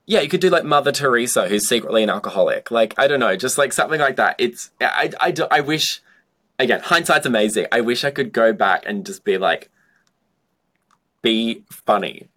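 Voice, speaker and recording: Quick and lively, his medium-pitched voice has a slightly bright edge. He's a young adult drag performer telling stories casually in an interview, sprinkling in "like" constantly and swearing without a second thought.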